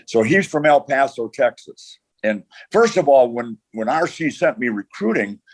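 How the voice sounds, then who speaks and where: An older man, a retired football coach, telling long anecdotes as a podcast guest, with frequent pauses and restarts. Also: mid-range voice, animated. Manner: rambling anecdotes, many "uh" and restarts. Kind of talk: storytelling in a podcast interview.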